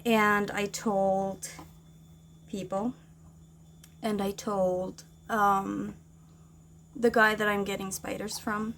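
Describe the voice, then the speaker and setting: A woman's voice: mid-range voice, level tone, takes it slowly, long pauses, a bit bright, slight background noise. Woman ranting on her vlog, agitated, talks in english. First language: Norwegian. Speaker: vlogger. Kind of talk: casual venting vlog.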